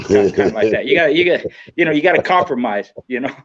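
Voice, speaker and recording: A man's voice: mid-range voice, lively intonation, very fast, no room sound. Frank, profane older man on a dull line. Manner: rambling, frank and profane, full of "you know". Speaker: podcast guest. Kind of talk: casual chat. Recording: dull, lo-fi, dry sound.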